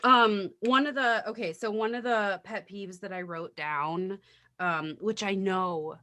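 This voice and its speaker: A woman's voice: medium pitch, a little slow, sharp tone, no echo. A woman nurse chatting candidly on a podcast, telling work stories and swearing casually. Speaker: nurse, guest.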